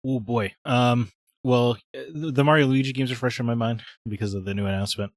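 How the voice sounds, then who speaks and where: A man's voice: mid-range voice, brisk, dry recording. A man co-hosting a casual podcast chat, rambling with many fillers. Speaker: podcast co-host.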